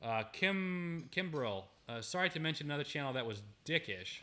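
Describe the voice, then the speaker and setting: A man's voice: on the high side, expressive, normal speed, sharp tone. A young man hosting a casual livestream, gratefully reading viewer messages aloud with frequent restarts. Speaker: livestream host.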